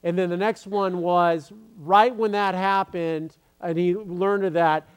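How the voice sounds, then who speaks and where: Man, pastor, casual joking sermon, high voice, smooth and clear. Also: fairly even intonation, slow pace. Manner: joking, chatty, many fillers and restarts.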